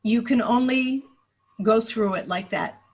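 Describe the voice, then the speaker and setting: Husky and fairly high-pitched, this woman speaks a little slowly as she leads a video-call webinar. She's a teacher trainer giving a screen-share tutorial, talking through a computer task step by step and reasoning aloud, all captured on a computer mic.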